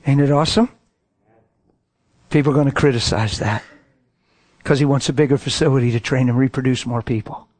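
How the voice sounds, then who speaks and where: A man's voice: mid-range voice, steady tone, fairly quick, pauses often, darkish tone, dry recording. A man preaching a sermon and telling stories in a folksy, emphatic way. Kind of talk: sermon with storytelling.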